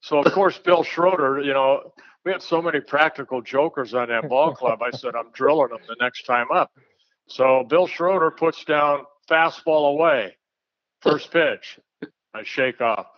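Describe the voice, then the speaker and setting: A man's voice: on the high side, no room sound. Blunt folksy man telling stories. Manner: folksy, blunt, chuckling anecdotes. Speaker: retired pitcher, guest storyteller. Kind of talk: casual storytelling chat. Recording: dull, lo-fi dry sound.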